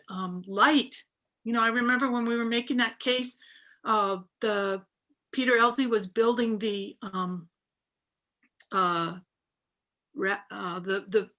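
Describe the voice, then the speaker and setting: A woman's voice: fairly high pitch, bright, forceful tone. A woman, a book artist, talking reflectively in a panel over a video call, with many fillers and restarts. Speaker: book artist giving a talk.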